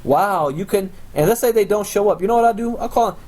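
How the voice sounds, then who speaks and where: A man with a slightly high voice runs a sales training session. He is blunt and confrontational, boasting about his methods and lecturing his listeners. He swings from steady instruction into mocking, scornful jabs. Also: fast, few pauses. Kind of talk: recorded motivational training talk.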